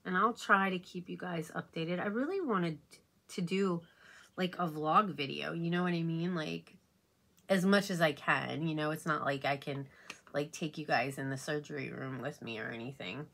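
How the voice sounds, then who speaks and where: A woman's voice: low voice, normal speed, gravelly, a bit bright. A woman beauty vlogger chatting casually while doing her makeup, rambling and confiding as she talks. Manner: rambling and confiding, many fillers like "you know what I mean".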